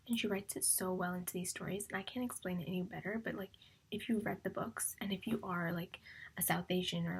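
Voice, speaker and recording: A woman's voice: mid-range voice, creaky, slightly rough. A young woman chatting about her reading on a vlog, rambling and emotional, often dropping into a whisper. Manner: filler-heavy, repeats "like". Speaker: book vlogger. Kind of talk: casual reading vlog chat.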